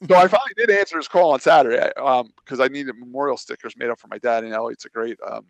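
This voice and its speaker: With a gravelly mid-range voice at a quick pace and no echo, a local racer and regular guest rambles through a lengthy story on a casual podcast. He self-interrupts constantly, restarting sentences and replaying what others said to him.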